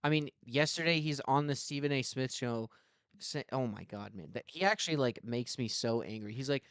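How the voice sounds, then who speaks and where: A man's voice: medium pitch, normal speed, fairly bright tone, clear, resonant tone, no echo. A man co-hosting a sports podcast, ranting in exasperation about a team owner in casual talk. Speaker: podcast co-host.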